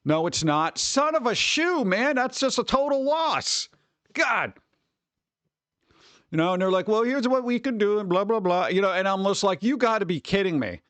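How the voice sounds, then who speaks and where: A man's voice: high voice, animated, normal speed, a bit bright, smooth, dry recording. A man in his forties, hosting a stream in casual chat, ranting and swearing lightly about everyday annoyances. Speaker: streamer host.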